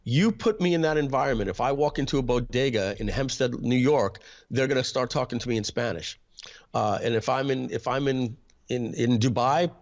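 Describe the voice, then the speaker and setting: Man telling a personal story, halting. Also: medium pitch, a little mellow. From Haitian family background. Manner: reflective, halting with restarts. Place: New York area.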